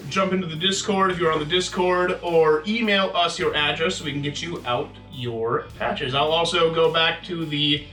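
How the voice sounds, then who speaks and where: A man's voice: fairly high pitch, bright, forceful tone, reverberant, far from the mic. A man co-hosting a podcast in casual chat, laid-back and hesitant with fillers. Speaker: podcast co-host.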